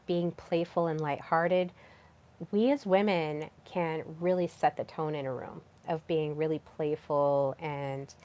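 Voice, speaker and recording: Casting: low-pitched young woman, solo podcast host, relaxed and chatty, with lots of fillers and restarts. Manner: chatty, with frequent fillers and repeated words. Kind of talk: casual solo podcast talk.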